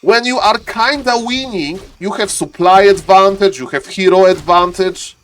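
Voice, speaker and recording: A man casting a strategy game match, swinging from calm talk to frantic repeated shouting. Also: sits high, normal speed. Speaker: game caster. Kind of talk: excited esports commentary.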